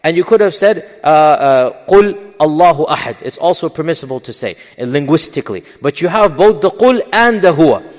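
A man delivers a religious lecture in a raised, emphatic teaching voice. He explains step by step, pausing on fillers as he thinks. His voice rings out with a long reverb, as in a hall. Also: fairly high pitch, animated. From English-speaking. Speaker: Islamic lecturer.

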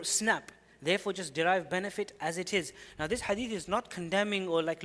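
A man's voice: high-pitched, bright, forceful tone. Give me an earnest preacher man in an echoey hall. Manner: earnest, explanatory, quotes Arabic scripture rapidly. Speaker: Islamic preacher. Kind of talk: religious lecture.

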